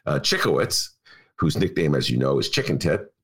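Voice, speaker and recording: An older man from Chicago hosting a casual political talk show, rambling, laughing often and breaking into loud outbursts. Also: very deep voice, sing-song, moderate pace, background noise. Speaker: podcast host.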